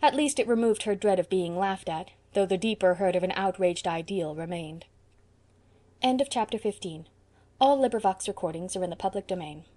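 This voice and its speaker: A woman reading a classic novel aloud as an audiobook narrator, measured and expressive. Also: mid-range voice. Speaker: audiobook reader. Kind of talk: scripted narration.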